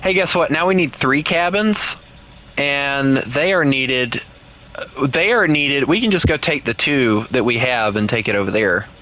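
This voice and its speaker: A man with a Southern US accent, streaming a game and chatting playfully with co-players, breaking into teasing and high shouts. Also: a little slow. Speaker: gaming streamer. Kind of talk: casual gameplay chat with co-players.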